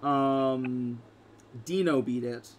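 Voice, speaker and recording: A man's voice: medium pitch, extremely slow, a little hiss or hum. A man narrating a tabletop game as game master, rambling with lots of fillers.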